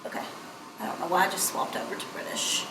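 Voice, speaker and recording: A woman's voice: fast talker, background noise. Chatty woman in an echoey room. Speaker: beauty vlogger. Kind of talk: makeup tutorial.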